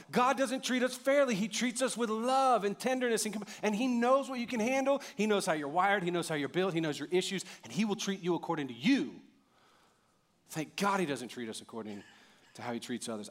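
A man preaching a sermon as pastor, animated and conversational, swinging from loud bursts to quiet emphasis and joking with the congregation. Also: high voice.

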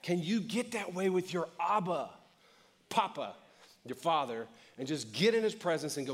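A middle-aged man preaching with a slightly higher voice than most men. He keeps it conversational and joking, and slips into quick little voices to act out what people say. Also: expressive. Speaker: pastor. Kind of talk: sermon.

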